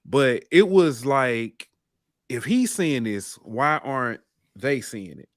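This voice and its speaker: A man co-hosting a casual sports podcast, telling game-day stories with lively swings in pitch and loudness. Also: slow pace, no room sound, studio quality. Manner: animated storytelling, rises in pitch and volume when excited. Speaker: podcast co-host.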